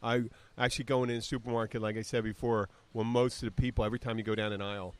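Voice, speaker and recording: A man's voice: medium pitch, flat delivery, rapid-fire, clean tone. A man in his fifties hosting a podcast in casual chat, rambling with restarts and fillers. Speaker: podcast host.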